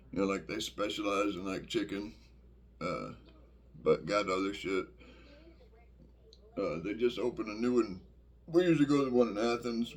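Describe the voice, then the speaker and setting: A middle-aged man rambles through a casual vlog monologue. His voice sits somewhat low, and he swears freely, piling up fillers and restarts as he talks. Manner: profane, rambling, many fillers. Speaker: vlogger.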